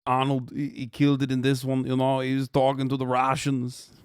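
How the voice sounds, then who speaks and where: Casual streamer man, smooth dry voice. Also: medium pitch, monotone, fairly quick, no echo. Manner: casual, offhand, swears freely. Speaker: streamer host. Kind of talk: live stream reaction commentary.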